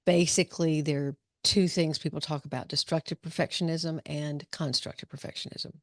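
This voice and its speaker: A woman's voice: low voice, steady tone, fairly quick, dry recording, clean studio sound. A middle-aged woman, a psychologist giving an informal talk to students, telling stories with many restarts. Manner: conversational, storytelling with restarts. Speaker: psychologist leading a discussion.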